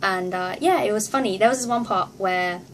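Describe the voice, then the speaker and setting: A woman vlogger telling a story to camera in a casual, excitable way, acting out her reactions and laughing often. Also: medium pitch, fairly quick, slight background noise.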